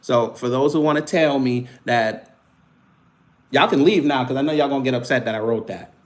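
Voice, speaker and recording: A man hosting a casual live stream, firing back at commenters with teasing, taunting banter. His voice sits in a middle pitch, and he keeps the talk loose and conversational. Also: moderate pace.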